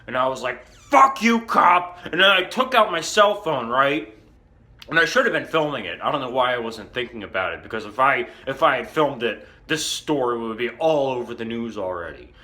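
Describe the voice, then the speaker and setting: Bright-voiced, indignant rambling man. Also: mid-range voice, animated, brisk. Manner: indignant, rambling, profane, lots of fillers. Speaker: comedian in character. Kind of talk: rambling comic monologue.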